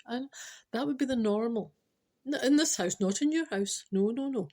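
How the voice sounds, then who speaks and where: A Scottish woman in her forties tells a rambling comic story, chatty and constantly interrupting herself. She keeps saying "I know," ad-libs and digresses, with a slightly high, expressive voice, a fairly quick pace and a warm tone.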